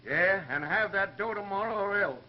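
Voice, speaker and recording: Tough gangster. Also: male voice, sits high, animated, normal speed. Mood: menacing. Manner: tough, threatening, clipped. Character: hard-nosed male gangster creditor. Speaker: gambler demanding a debt. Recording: 1930s film soundtrack, dull and hissy.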